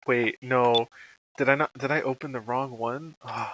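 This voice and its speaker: A man's voice: mid-range voice, fairly even intonation, moderate pace, a bit bright, poor audio. A man live-streaming a video game, chatting casually and grumbling with swearing and muttered asides. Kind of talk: casual gaming stream chat.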